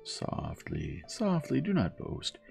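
A man voicing a fearless, cheerful young hero who talks in bold, confident retorts, in a soft bedtime storybook reading. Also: low-pitched, sing-song, normal speed, gravelly, faint music behind, full character voice. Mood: defiant.

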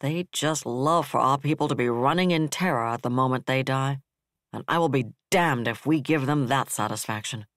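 A man voicing a bitter, level-headed male defense director who speaks flatly and harshly. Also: medium pitch, normal speed, no echo, clean studio sound, close to an everyday voice.

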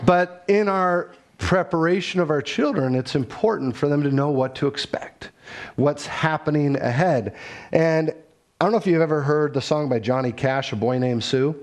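A man's voice: fairly high pitch, normal speed. A man preaching a sermon as pastor, earnest and conversational, telling stories.

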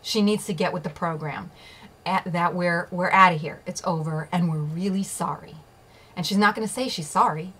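A woman's voice: on the low side, moderate pace, fairly bright tone, breathy edge, rough recording. A woman vlogger telling a personal story, emphatic, swearing at times and checking in with her listeners. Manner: emphatic, swears, asks "okay?" and "right?" often. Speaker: vlogger sharing personal experience.

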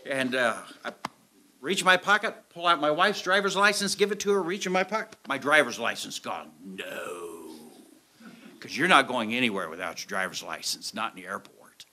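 Male preacher, lively storyteller, bright and tense tone, wide-ranging pitch, acts out the scenes. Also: a little fast. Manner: animated storyteller acting out scenes. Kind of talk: storytelling sermon. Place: church sanctuary with audience. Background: audience laughter.

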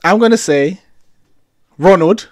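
A man's voice: sits high, slow, no echo. Brief: young male podcast host, jokey and laughing, dead-dry recording. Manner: playful, laughs often. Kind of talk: casual chat.

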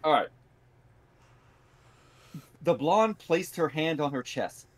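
Man with a lively, raised voice. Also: fairly high pitch, slow. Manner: reads aloud with cursing asides. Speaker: podcast co-host reading a novel aloud. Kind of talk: casual podcast reading.

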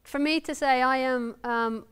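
Wry Irish woman novelist, clear voice. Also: high-pitched, fairly even intonation, a little slow, fairly bright tone. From Ireland. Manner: candid, wry and self-deprecating. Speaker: novelist giving a reading. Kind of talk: reading aloud then answering audience questions. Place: university lounge before an audience.

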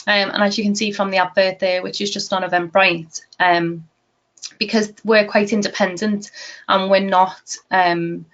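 A woman with a Scouse accent talking to camera about property in a chatty, practical way, her sentences full of ums. Her pitch stays flat and even, with little rise and fall. The recording is a little dull and lo-fi. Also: moderate pace. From Liverpool, England. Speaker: property investor and host. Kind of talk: casual talk to camera.

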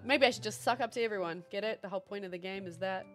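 A woman's voice: mid-range voice, very fast, few pauses, faint music behind. A young woman streaming a game, chatting casually to her viewers and laughing often. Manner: animated, laughs often, talks to chat. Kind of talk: casual gameplay commentary.

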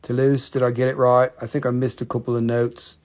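A man's voice: medium pitch, little pitch movement, fairly quick, darkish tone. A man hosting a live-stream rock and mineral sale, talking casually into a handheld phone, joking, teasing viewers and swearing freely.

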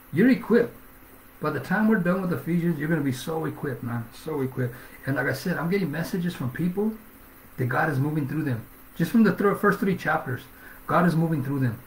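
A man's voice: on the high side, a little hiss or hum. A man preaching a sermon with fervent energy, reading scripture aloud and often asking "Amen?". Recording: echoey room.

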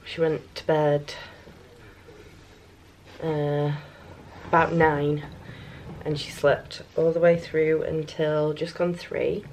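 A woman's voice: low voice, level tone, slow pace, long pauses, a little mellow, slight background noise. A woman, a new mother, vlogging casually at home, chatting and sometimes slipping into sing-song baby talk.

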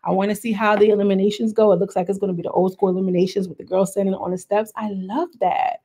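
A woman giving casual, slangy commentary as she recaps a reality show episode, full of animated asides. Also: medium pitch, fast talker, breathy edge.

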